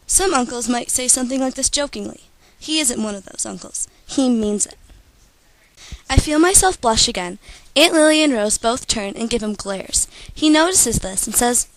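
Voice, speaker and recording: A teenage girl reading her own first-person story aloud in a steady storytelling manner. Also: a little high, normal speed, no echo, rough recording. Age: teens. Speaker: student author.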